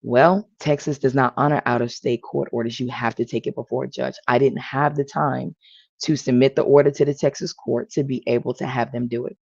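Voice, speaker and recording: A woman's voice: very deep voice, fairly even intonation, brisk, vocal fry, a little mellow, no echo. A woman telling her own story in an earnest, emotional way as a panel guest. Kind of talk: personal testimony. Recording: dull lo-fi audio.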